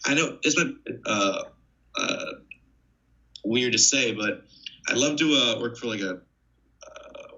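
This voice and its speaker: Bright-voiced hesitant teenage man. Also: mid-range voice, slow, pauses often. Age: late teens. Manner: hesitant, many "uh" and "like". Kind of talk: casual podcast chat. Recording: dull lo-fi sound.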